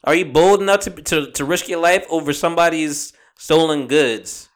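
A man hosting a podcast, chatting casually and telling a rambling story full of fillers and swearing. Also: on the high side. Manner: says he talks fast. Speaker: podcast host. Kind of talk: casual chat.

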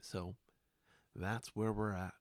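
Slow, soft-spoken man with a deep voice. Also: flat delivery, dry recording, studio quality. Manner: unhurried, soft-spoken, hypnotic pauses. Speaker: podcast host and hypnotherapist. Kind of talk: slow reflective monologue.

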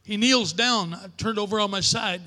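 An older man preaching a sermon as pastor, in a preacher's cadence that builds to shouted declarations. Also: high voice, moderate pace, long reverb tail. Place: church sanctuary.

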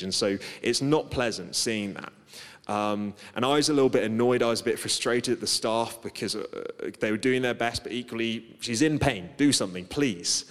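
A man gives a sermon in an easy, conversational tone, mixing in humble stories about himself. His voice sits at an ordinary middle pitch. It carries a long reverb, as if heard in a large church hall. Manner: conversational, self-deprecating storytelling. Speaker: preacher.

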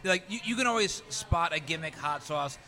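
A podcast co-host and editor with a slightly high, expressive, bright and forceful voice talks at normal speed. In casual chat about hot sauce, he rambles and repeats his words.

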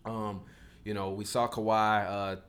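A man's voice: on the low side, little pitch movement, unhurried, fairly bright tone, a little hiss or hum. Guy ranting about basketball on a podcast, slangy, worked up. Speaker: podcast co-host. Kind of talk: casual sports chat.

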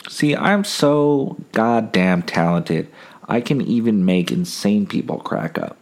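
Deep-voiced sick young man rambling. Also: expressive, takes it slowly. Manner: rambling, wry storytelling. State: sick, holding back coughs. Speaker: podcast host. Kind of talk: casual solo podcast monologue.

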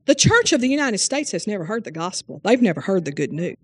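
A woman's voice: mid-range voice, sing-song, fast talker, husky. A woman Bible teacher preaching a fervent sermon in folksy language, often exclaiming hallelujah and amen and questioning her listeners directly. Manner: questions listeners directly and calls on them by name; folksy, homespun phrasing.

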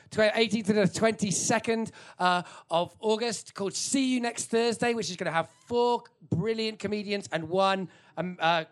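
A man's voice: high-pitched, fairly bright tone. A man compering a live comedy show, introducing the next act, loose and tripping over details. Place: comedy stage.

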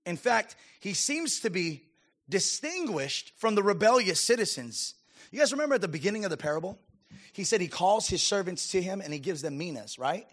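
A man's voice: sits high, very animated, fairly quick, fairly bright tone. A man preaching a sermon as a pastor, emphatic and calling out to his congregation. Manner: emphatic preaching with audience call-outs.

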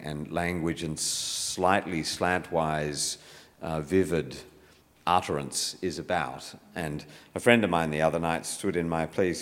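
Australian male poet, very low voice, musing and anecdotal, lecture hall with long reverb. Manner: reflective storyteller, many fillers and restarts. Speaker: poet speaking at a public talk. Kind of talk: conversational talk to a live audience. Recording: hall reverb, live event.

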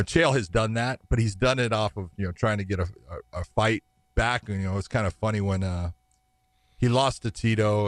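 A man's voice: on the low side, no echo. A man telling long anecdotes as an interview guest, rambling, laughing often, acting out what others said. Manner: rambling, laughs often, acts out quoted voices. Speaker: guest, fight referee. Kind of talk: anecdotal storytelling.

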